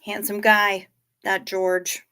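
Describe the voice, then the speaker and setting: Slow, bright-voiced woman livestreamer. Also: medium pitch, level tone, smooth. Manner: slow, gentle and sympathetic, talking to chat. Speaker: livestream host. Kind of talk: casual livestream chat reading comments.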